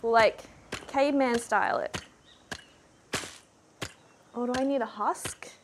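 A woman's voice: on the high side, steady tone, slow. A woman gives casual, jumpy let's-play commentary and talks to herself as she plays a VR game. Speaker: VR gamer. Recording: noisy, game sounds mixed in.

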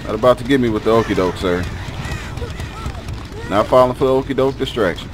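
A man's voice: medium pitch, a little fast, background noise. A man streaming a game live, playfully trash-talking his opponents in slang. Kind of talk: live gameplay commentary.

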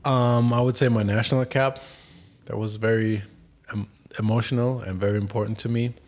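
A man's voice: on the low side, level tone, normal speed, darkish tone. A young man with a German accent, speaking English as a second language, talking casually as a podcast guest with many hesitations and restarts. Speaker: guest, professional soccer player.

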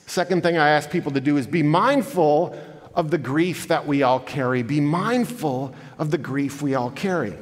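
Earnest man speaking in an echoing church. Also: fairly high pitch. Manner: earnest, conversational storytelling addressing the audience. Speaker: guest speaker. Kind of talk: inspirational public talk. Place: large church hall. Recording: echoey church hall.

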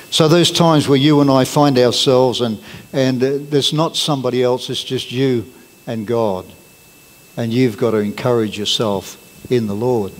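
Earnest pastor preaching in a hall. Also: male voice, medium pitch. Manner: earnest, plain-spoken, emphatic preaching. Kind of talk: sermon. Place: church hall. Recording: long reverb of a church hall.

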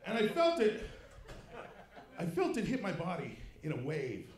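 Male stand-up comic, animated storyteller, higher voice, echoey club mic. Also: a little slow. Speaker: stand-up comedian. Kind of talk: stand-up routine.

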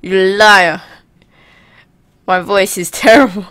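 A young woman casually commenting while playing a video game, chatty and self-mocking, now and then letting out loud whoops. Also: mid-range voice, expressive, a little slow, pauses often. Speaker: let's play gamer.

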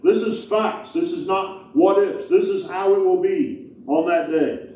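A man's voice: sits high, unhurried, a little mellow. A man preaching a sermon as pastor, folksy and emphatic, asking the congregation rhetorical questions. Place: large church hall. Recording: echoey hall heard from a distance.

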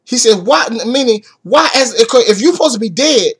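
Man, high-pitched, Bible class teacher on online talk radio; reads a verse, then asks questions and drives the point home. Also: expressive, normal speed, husky. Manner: reads scripture aloud then explains it with rhetorical questions; swings from soft asides to emphatic raised points. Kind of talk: preaching Bible study.

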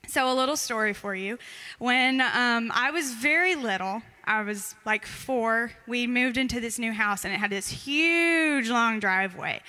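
A woman's voice: fairly high pitch, bright, forceful tone. A young woman giving an informal, chatty talk to a church congregation. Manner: chatty, giggly, loose with fillers. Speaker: church member giving a Father's Day talk.

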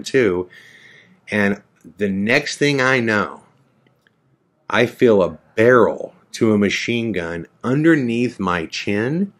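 A man hosting a podcast, telling a story from his own life in an animated way and acting out the voices of the people in it. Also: lowish voice. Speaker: podcast host. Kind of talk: personal storytelling. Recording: podcast audio.

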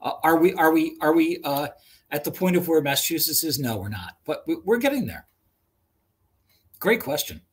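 A man working as a regional trail manager answers webinar questions over a video call, halting often with fillers and restarts. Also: a little high, very animated, breathy edge.

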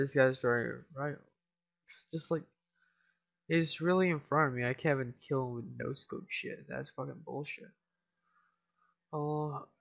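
Tired teen male gamer doing casual commentary, gravelly voice, cursing often, dull lo-fi mic. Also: medium pitch. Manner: tired, mumbling, swears a lot. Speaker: gameplay commentator.

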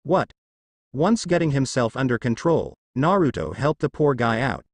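A man reading fan fiction aloud in an expressive way. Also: medium pitch, normal speed. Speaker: narrator.

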